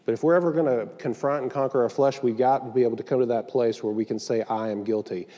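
A man's voice: medium pitch, fairly even intonation, fast talker, mellow, in a large hall. Man preaching conversationally with joking asides. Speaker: pastor. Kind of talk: sermon.

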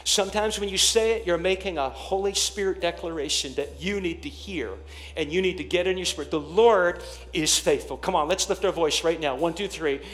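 A man preaching a sermon as pastor, leading the congregation in call-and-response and building to shouted declarations. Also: high-pitched, a little fast.

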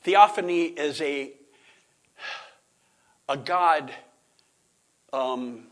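A middle-aged man gives a Bible lesson in a loose, lecture-like way, wandering off track and starting sentences over while clearing his throat and chuckling. His voice sits a little high and he stretches out his words.

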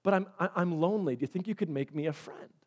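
A male pastor voicing a lonely, earnest first man asking for a companion, speaking softly. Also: fairly high pitch, fast talker, lightly acted. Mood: pleading.

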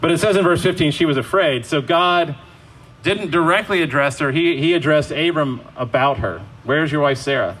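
Guy giving a sermon, bright forceful voice, a bit high, chatty, faint hum behind. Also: normal speed, poor audio. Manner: conversational, acts out quoted lines. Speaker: preacher.

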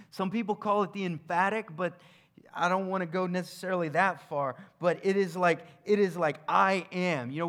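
A man preaching a sermon in a conversational way, moving between emphatic points and quiet, hushed passages. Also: fairly high pitch.

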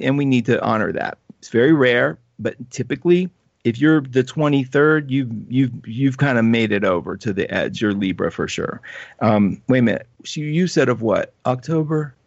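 A man hosting a live astrology talk show, reading viewer comments in an animated, chatty way and laughing often. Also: mid-range voice, no echo, muffled recording.

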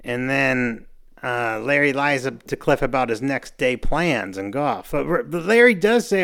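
A man's voice: medium pitch, animated, a little slow, a bit bright. A man co-hosting a podcast, chatting casually and laughing often as he recaps scenes from a TV comedy. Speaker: podcast co-host. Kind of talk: casual chat.

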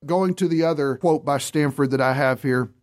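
A man delivers a sermon with a slightly higher-pitched voice. He presses his points with rhetorical questions and answers them firmly. He reads quoted passages aloud and slows down on the words he wants to stress. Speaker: pastor.

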